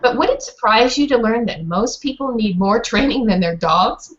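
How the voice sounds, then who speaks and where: A woman's voice: on the high side, expressive, moderate pace, muffled recording, close to an everyday voice. A woman voicing a friendly, plain-spoken older woman, a retired teacher turned dog trainer, in a storybook reading.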